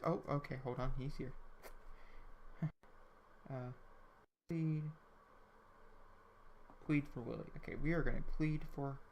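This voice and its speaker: A man's voice: medium pitch, gravelly. A man hosts a let's play, chatting straight to his viewers. He rambles and keeps restarting his sentences. A faint hiss runs under his desk microphone. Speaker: gaming channel host.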